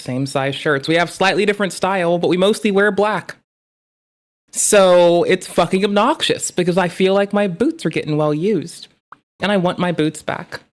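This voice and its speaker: Profane, rambling streamer chatting live. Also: medium pitch. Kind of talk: casual live-stream reaction chat.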